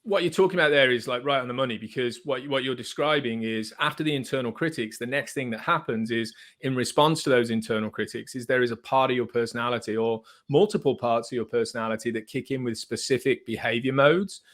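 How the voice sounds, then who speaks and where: A man speaking as a psychotherapist guest on a podcast, calmly and methodically explaining therapy concepts. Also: mid-range voice, fast, hardly any pauses.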